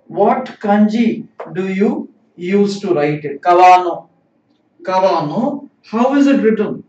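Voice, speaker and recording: A man's voice: high-pitched, moderate pace, a little mellow. A man teaching a live-streamed language lesson, explaining patiently and repeating phrases. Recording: roomy, distant, dull sound.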